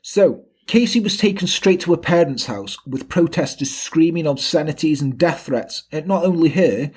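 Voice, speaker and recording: A man's voice: on the high side, moderate pace, husky. A man casually retelling a true-crime story on a podcast, swearing and quoting the people involved. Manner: swearing, animated retelling with quoted voices. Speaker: podcast co-host.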